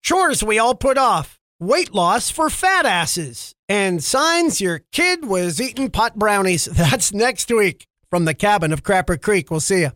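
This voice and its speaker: A male podcast host with a very high, bright, forceful voice, cracking jokes through a comic monologue. He grumbles about pet peeves in a dry, close recording. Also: sing-song, measured pace, hardly any pauses, dry recording.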